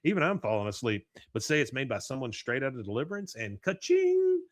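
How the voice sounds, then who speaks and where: A man voicing a slick, fast-talking male art dealer with a smooth salesman patter. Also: medium pitch, huge pitch swings, no room sound. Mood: salesy.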